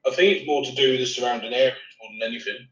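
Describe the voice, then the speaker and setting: A man with a bright, crisp voice makes short explanatory points in a football podcast. He sits some way off the mic. The room adds a clear echo. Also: medium pitch, very fast, lo-fi sound. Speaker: podcast co-host. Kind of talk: casual football chat. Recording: distant mic, roomy echo.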